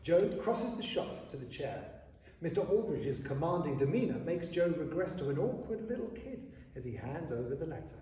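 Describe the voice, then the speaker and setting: A man narrating a children's story in an expressive, animated reading style. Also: a little high, moderate pace, far from the mic. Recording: echoey hall, voice heard from afar, faint noise.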